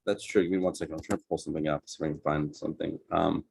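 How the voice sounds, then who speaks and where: A man's voice: a bass voice, steady tone, rapid-fire, gravelly, a little mellow, breathy edge. A man leading a casual team training on sales calls, loose and chatty, often asking "right?" and with a New Jersey accent. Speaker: real estate team leader.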